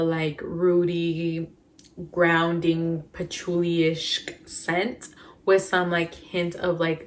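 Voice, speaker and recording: A woman talking casually to camera as she reviews perfumes, chatty and rambling with lots of fillers. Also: on the low side. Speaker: beauty vlogger.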